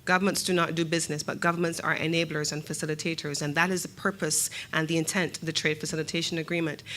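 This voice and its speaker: A middle-aged woman from Barbados with a Barbadian accent, speaking as a government minister in a measured, emphatic formal speech. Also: low-pitched, a bit bright, a little hiss or hum. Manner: measured, emphatic, rhetorical questions.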